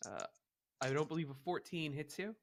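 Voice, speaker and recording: A man running a tabletop game as dungeon master, calmly explaining rules and moves. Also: on the high side, moderate pace, gravelly. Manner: calm, procedural, explains rules.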